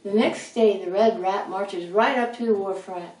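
A woman narrating a children's read-aloud in a measured way, recorded in an echoey room from a distance. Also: medium pitch, darkish tone. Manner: slow, measured reading. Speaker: storyteller. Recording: roomy echo, voice from a distance.

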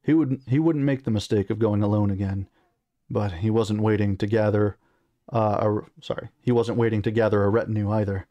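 A man reading a fantasy novel aloud, steady, with occasional slips he corrects. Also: fairly low pitch, normal speed, no echo, lo-fi sound. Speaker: reader.

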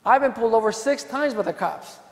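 A man's voice: very high-pitched, expressive, brisk, vocal fry, big-room sound. A man, a DUI defense lawyer, giving a conference talk full of jokes and acted-out courtroom anecdotes. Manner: joking, acts out dialogue with cops and jurors. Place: hotel conference hall.

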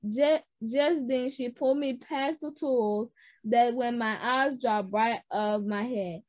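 A woman reading a children's book aloud, halting and restarting words. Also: fairly high pitch, darkish tone, dry recording. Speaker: reader.

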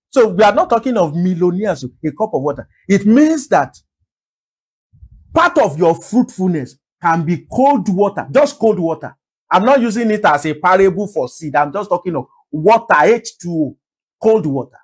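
A man's voice: high voice, sing-song, normal speed, slightly rough, rough recording. A man with a Nigerian English accent preaching a sermon as pastor, repeating phrases and firing rhetorical questions. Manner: emphatic rhetorical questions, repetition.

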